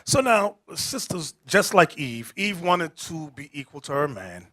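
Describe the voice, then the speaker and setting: A man preaching to a group, emphatic, quizzing his listeners and rising into shouts. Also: fairly high pitch, sing-song, measured pace. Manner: emphatic, rising to shouts, asks the crowd questions. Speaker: street preacher.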